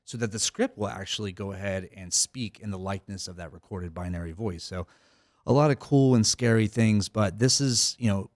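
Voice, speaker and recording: Low-voiced rambling middle-aged man. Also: a little fast, a little mellow, no room sound, studio quality. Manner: rambling, many fillers and restarts. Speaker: cybersecurity company CEO, guest. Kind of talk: casual interview talk.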